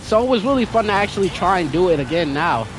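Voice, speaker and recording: A man's voice: high voice, very animated, fast. A young man chatting casually with viewers while playing a game, in a slangy, talkative way. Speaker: gaming streamer. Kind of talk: casual gameplay commentary. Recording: game music playing behind.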